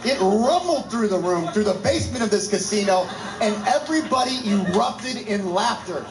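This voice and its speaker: A male comedian telling a story in a stand-up set, animated and laughing his way through it. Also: high-pitched, normal speed, reverberant, music in the background, low-quality recording.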